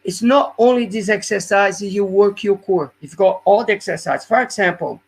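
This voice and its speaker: Husky man coaching a fitness webinar. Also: high-pitched, normal speed. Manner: explains step by step, often checking in with "yeah?"; non-native English phrasing. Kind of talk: live webinar instruction.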